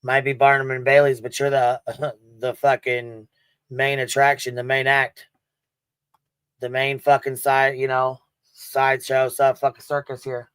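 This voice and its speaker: Flat-voiced cursing man ranting. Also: medium pitch, measured pace, smooth, dry recording. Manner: blunt, profane, ranting. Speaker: panel guest. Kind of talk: heated casual commentary.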